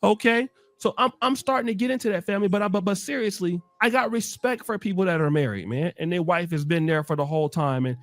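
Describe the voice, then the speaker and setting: Emphatic high-voiced man ranting. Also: fast talker, few pauses, dry recording. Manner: emphatic, repeats words when fired up. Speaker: show host. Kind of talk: animated casual commentary.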